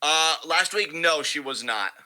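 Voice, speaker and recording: A man's voice: on the high side, expressive, a little slow, bright, forceful tone, low-quality recording. A man co-hosting a casual wrestling podcast, talking in a profane, rambling, emphatic way. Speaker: podcast co-host.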